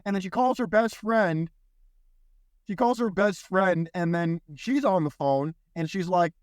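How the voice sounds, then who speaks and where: Young man, podcast host, casual story, slightly high voice, dry close sound. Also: a little slow, no echo. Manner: animated, swears freely, mimics others in quotes.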